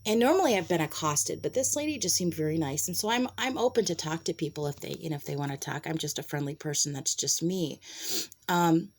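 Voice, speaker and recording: A woman's voice: deep voice, a little fast. A middle-aged woman telling a personal story to a handheld camera, chatty and retelling conversations. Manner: chatty, retells conversations and drops into whispered asides. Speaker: vlogger.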